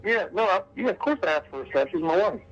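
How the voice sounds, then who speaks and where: A man being interviewed, recounting events hesitantly with many pauses and restarts. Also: sits high, animated. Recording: muffled clip with faint noise.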